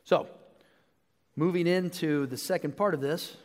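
A man's voice: on the high side, a little slow. A man in his forties preaching a sermon as a pastor, telling family stories with animation. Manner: storytelling, animated when telling anecdotes. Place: church sanctuary. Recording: long hall reverb.

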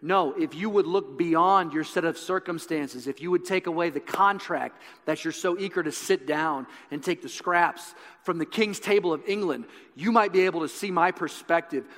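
A defiant warrior leader speaks in a bold, rallying, impassioned voice, as a preacher acts him out. He sounds a little higher than a typical man. A long reverb from a large hall trails each line. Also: normal speed, fairly bright tone, lightly acted.

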